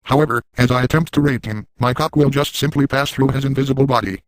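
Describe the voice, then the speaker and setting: A man's voice: medium pitch, quick pace, no room sound, close to an everyday voice, rough recording. Crude boastful adult man voiced by a man, matter-of-fact storyteller, dry close mic. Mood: smug. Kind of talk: first-person comedic storytelling.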